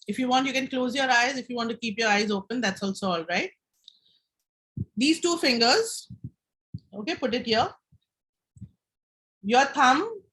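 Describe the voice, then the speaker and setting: A woman's voice: on the high side, a bit bright. A woman speaking at a live health session, explaining and guiding the audience through a breathing exercise while checking in with them.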